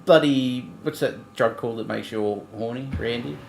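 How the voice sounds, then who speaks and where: A middle-aged man co-hosting a livestream in blunt, animated casual chat, swearing freely. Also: medium pitch, moderate pace, gravelly, roomy sound, slight background noise. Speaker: livestream co-host.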